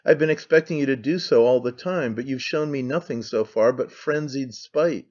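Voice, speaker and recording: A man's voice: mid-range voice, a little mellow, close to an everyday voice. Man playing a cold, aloof aristocrat. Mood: irritated. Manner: reserved, cool, measured. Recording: slightly dull lo-fi sound.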